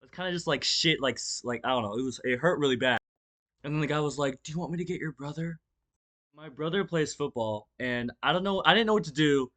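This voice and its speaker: Here the young vlogger talks fast, his voice on the high side and a bit bright. He rambles casually through his story with lots of fillers, restarts and swearing, gesturing to act out each part.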